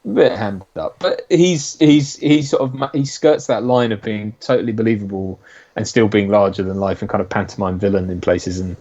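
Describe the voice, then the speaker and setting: A man's voice: lowish voice, moderate pace, darkish tone. Chatty man on a dull line. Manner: chatty, laughs often, mimics lines from the film. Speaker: podcast co-host. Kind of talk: casual film commentary chat. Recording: slightly dull lo-fi audio.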